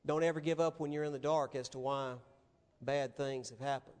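A man's voice: mid-range voice, fairly even intonation, a little fast, darkish tone, clean tone, big-room sound. A male pastor preaching a sermon in an emphatic, dramatic way.

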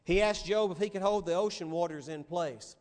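Male pastor, high voice, emphatic dramatic preaching, long hall reverb. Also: brisk. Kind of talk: sermon.

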